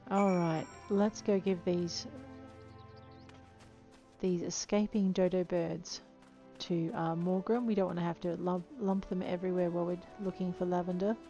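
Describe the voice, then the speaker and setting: A woman's voice: fairly low pitch, steady tone, moderate pace, mellow, dull audio, soft background music. A woman chatting playfully through her video game, talking to the creatures she meets. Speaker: game player. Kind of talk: let's play commentary.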